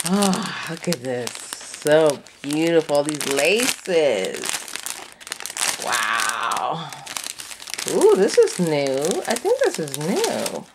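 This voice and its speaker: A woman with a lowish voice gushes over a craft kit, swinging from slow murmured coos to high delighted squeals. She drawls unhurriedly and sounds a touch sleepy. Faint noise and paper crinkling sit behind her. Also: big pitch swings. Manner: effusive, breathy gasps and squeals of delight. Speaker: craft vlogger. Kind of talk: unboxing a craft kit, gushing chat.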